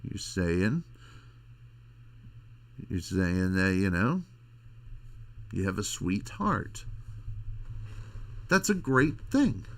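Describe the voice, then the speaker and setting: A middle-aged man hosting a podcast, rambling in a crude, halting casual monologue. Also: low-pitched, lively intonation. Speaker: podcast host.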